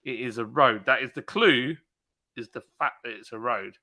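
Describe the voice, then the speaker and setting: A man hosting a live stream, chatting casually and telling stories in an animated way, acting out his own shouting. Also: medium pitch, normal speed. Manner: animated storyteller, acts out shouting. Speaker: streamer host. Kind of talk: casual chat.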